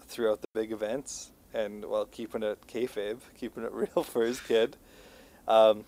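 A man's voice: on the low side, a little mellow. A man co-hosting a podcast, telling stories in a laid-back, chuckling way. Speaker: podcast co-host. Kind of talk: casual chat.

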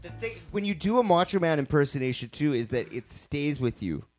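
A man's voice: fairly high pitch, big pitch swings, fairly quick, over music. A man chatting casually and playfully. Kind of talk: casual chat.

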